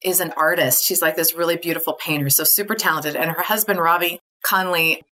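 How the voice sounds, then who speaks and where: Bright-voiced woman telling her story. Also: on the low side, steady tone, fairly quick, a little hiss or hum. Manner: candid storyteller, laughs often. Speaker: podcast guest. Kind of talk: casual interview conversation.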